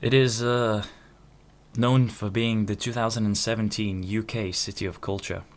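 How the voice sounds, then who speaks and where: In a lowish, steady voice at normal speed, a man in his twenties hosts a podcast. His solo talk wanders, cuts itself off, and includes casual swearing.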